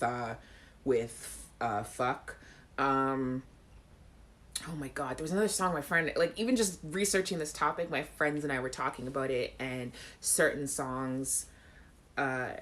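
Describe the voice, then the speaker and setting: A young woman with a Caribbean accent hosts a live chat show in a casual, animated way. Her voice sits low, and she laughs often and breaks into playful sung snippets while reading viewer comments. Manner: animated, laughs often, acts out song lines.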